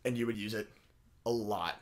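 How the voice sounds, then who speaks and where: A man's voice: lowish voice, steady tone. A man co-hosting a casual podcast, teasing his friends and reading out the sign-off. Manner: teasing, quick jokes at friends. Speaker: podcast co-host. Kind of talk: casual chat.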